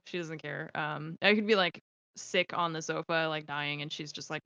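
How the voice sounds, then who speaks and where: A woman streamer chatting as an interview guest, telling stories in a loose, animated way. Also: low voice, normal speed, clean tone, no room sound, highs cut off. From Southern California. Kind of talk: casual interview chat.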